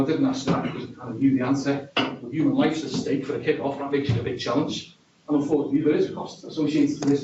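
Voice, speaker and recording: A man's voice: on the high side, a little mellow, a little hiss or hum. A man giving a conference presentation in a wry, conversational, self-deprecating way. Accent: regional accent. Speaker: conference speaker. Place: conference hall. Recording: distant, dull, echoey hall recording.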